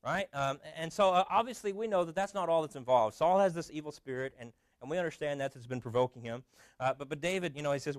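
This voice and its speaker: A man's voice: a little high, expressive, fast talker, no room sound. A man preaching a sermon as pastor in a conversational way, often restarting with fillers.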